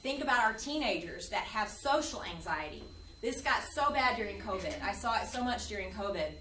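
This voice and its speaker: Middle-aged female counselor giving a workshop talk, lively delivery, tense edge, distant mic with room echo. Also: mid-range voice, brisk, slight background noise. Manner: animated, acts out quoted voices. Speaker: biblical counselor leading a parent workshop. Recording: echoey room from far off.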